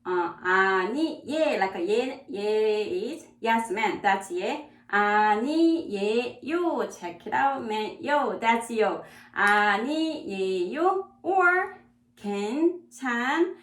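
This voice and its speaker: A woman teaching a beginner Korean lesson in English that is plainly not her first language. She speaks slowly and repeats each phrase for practice. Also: mid-range voice, lively intonation, roomy sound. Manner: slow, repeats words for practice.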